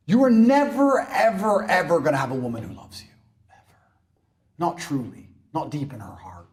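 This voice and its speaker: A man's voice: fairly high pitch, lively intonation, normal speed, a little mellow. A man in a brash, mocking monologue, swearing often. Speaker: internet personality. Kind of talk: ranting monologue.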